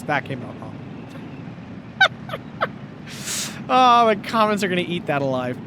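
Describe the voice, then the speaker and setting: Guy casting a strategy game match, high voice that swings all over, gets loud and laughs at big plays, noisy background. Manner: excitable, laughs often, shouts at big plays. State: losing his voice. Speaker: tournament caster. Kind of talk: excited game commentary.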